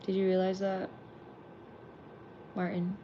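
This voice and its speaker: A woman's voice: mid-range voice, completely flat delivery, slow pace, dull audio, a little hiss or hum. A woman hosting a late-night car ride vlog, rambling in casual chat and swearing freely. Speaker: streamer and vlog host.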